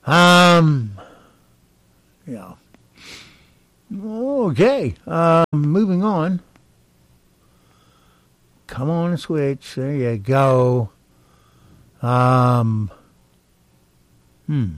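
A man hosting a radio talk show, reading jokes deadpan and stalling with ums between segments. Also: mid-range voice, very slow, long pauses, no room sound, poor audio.

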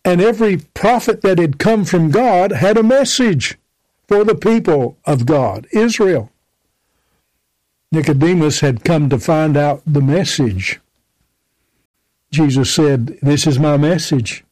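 A man's voice: a little high, animated, slow, darkish tone, no room sound, poor audio. A man preaching a sermon, emphatically quoting and explaining scripture.

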